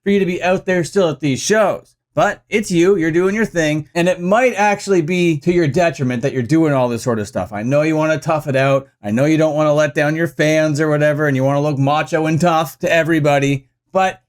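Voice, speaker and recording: Brief: male vlog commentator, sarcastic and needling, higher voice. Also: fairly quick, hardly any pauses. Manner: sarcastic, mock-confrontational.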